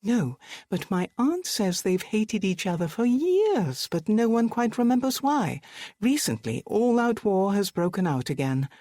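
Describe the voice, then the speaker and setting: An audiobook narrator voicing a sharp-witted young woman who speaks in a brisk, dry, teasing way. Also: medium pitch, very animated, no room sound, pitched above the performer's own voice.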